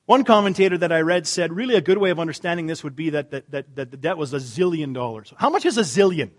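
Man, preacher, sermon, slightly high voice, rhetorical questions, hushed emphasis. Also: very animated, quick pace, few pauses. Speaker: pastor.

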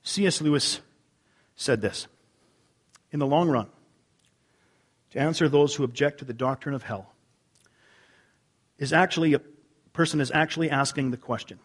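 A pastor delivers his sermon in a slightly raised, husky man's voice. He surges into loud emphatic bursts, then sinks to quiet, low-pitched lines for weight. The delivery is earnest and driven. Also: normal speed, long pauses.

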